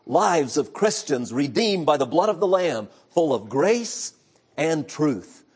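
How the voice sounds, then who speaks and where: A man's voice: big pitch swings, takes it slowly, slightly rough. Earnest male preacher delivering a sermon. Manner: swings from loud emphatic passages to hushed, low storytelling; earnest, preacherly retelling of scripture. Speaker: pastor.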